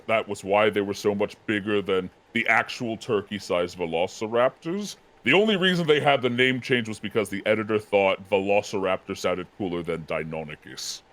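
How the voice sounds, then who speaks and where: A man talking as a guest in casual chat, animated, laughing easily and often correcting himself. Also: fairly low pitch, moderate pace, hardly any pauses.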